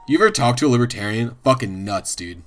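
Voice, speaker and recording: A man's voice: medium pitch, expressive, fairly quick. Guy streaming and rambling, swears a ton, laughs a lot, some faint music under him. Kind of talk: casual livestream chat.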